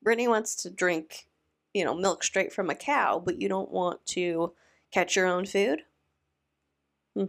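A woman's voice: on the low side, normal speed, vocal fry. A woman giving casual reaction commentary, talking in a chatty, incredulous way with many restarts.

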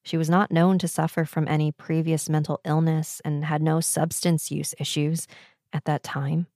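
A woman narrating a true ghost story in a steady, measured way. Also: deep voice, dry recording, studio quality. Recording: narration over music.

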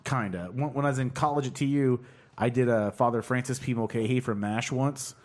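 A man hosting a podcast, rambling in a relaxed, casual way and steering the talk. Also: medium pitch, fairly quick. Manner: rambling, laid-back, steering the show. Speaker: podcast host. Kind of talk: casual chat.

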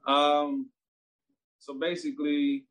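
A man's voice: on the high side, slow pace. A man, telling a story in casual, profane talk that turns heated. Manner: animated, profane, gets heated and loud.

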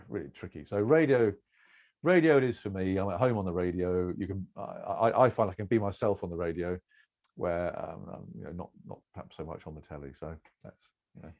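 A middle-aged man telling relaxed anecdotes as an interview guest, rambling and self-deprecating with restarts and chuckles. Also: low-pitched. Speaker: cricket broadcaster, interview guest.

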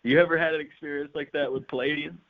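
A man's voice: a little high, quick pace. A man telling a story in casual chat, swearing freely and acting out the voices in it. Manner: animated, swearing, acts out voices in his stories. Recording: tinny phone-like line.

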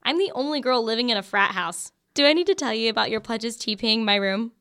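A young woman acting a college student who lives in a frat house, quick to bicker, in an audio drama. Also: on the high side, fairly bright tone, smooth, close to an everyday voice. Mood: lively. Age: young adult.

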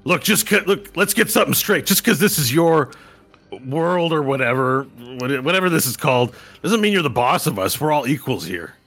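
A man's voice: a little high, lively intonation, normal speed, a bit bright, pitched above the performer's own voice. A man voicing a brash, defiant one-eyed male troublemaker in a tabletop game, talking boastfully. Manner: boastful, cocky.

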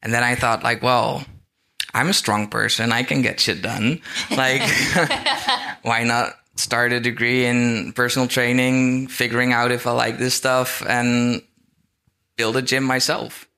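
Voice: mid-range voice, steady tone, a little slow, bright, forceful tone. A panel guest speaking plainly about starting a gym. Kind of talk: live panel conversation.

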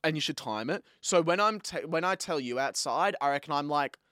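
A man's voice: fairly high pitch, lively intonation, a little fast, fairly bright tone, no room sound, studio quality. A young man co-hosting a casual podcast, arguing his point with playful mock outrage. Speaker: podcast co-host. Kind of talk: casual chat.

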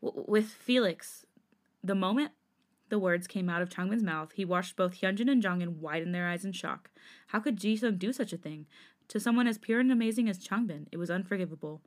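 A woman podcast host reading fanfiction aloud at a steady, even storytelling pace. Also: lowish voice, brisk.

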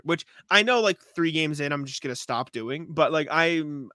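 Bright, dry-sounding man chatting easily. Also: fairly high pitch, quick pace, no echo. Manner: easygoing, laughs often, hedges with "like". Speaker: podcast co-host. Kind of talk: casual sports podcast chat.

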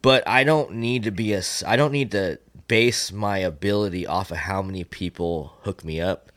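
A middle-aged man telling a fishing story in casual podcast chat, profane and animated when he acts out the exchange. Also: deep voice, moderate pace. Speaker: podcast guest, swimbait angler.

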